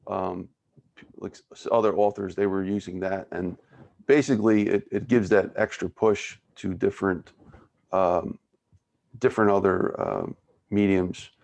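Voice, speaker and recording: Podcast host, male, Philadelphia accent, low gravelly voice, halting friendly delivery. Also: steady tone, a little mellow. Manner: halting, restarts often, friendly questions. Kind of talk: casual interview.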